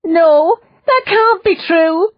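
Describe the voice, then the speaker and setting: A woman's voice: extremely high pitch, lively intonation, slow pace, highs cut off, pitched above the performer's own voice, exaggerated voice. A woman reading an audiobook voices a terrified, half-mad young woman prisoner who wails and clings to her fixed idea. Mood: frantic. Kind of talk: audiobook character voice.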